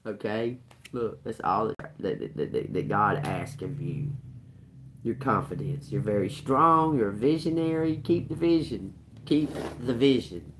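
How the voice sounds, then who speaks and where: A woman's voice: rumbling low, lively intonation, unhurried, background noise. A woman hosting a casual livestream tarot reading, emphatic and prone to laughing, with casual swearing and phrases repeated for emphasis. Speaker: tarot reader.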